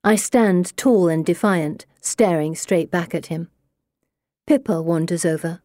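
A woman reading a novel aloud in the first person, measured and expressive. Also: lowish voice, no echo, studio quality. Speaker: audiobook narrator.

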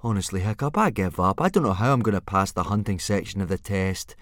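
A man's voice: fairly low pitch, lively intonation, brisk, a bit bright, no echo. A man voicing a wry young boy who drawls his remarks. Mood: mock-fierce. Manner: mock-fierce then drawling and dry.

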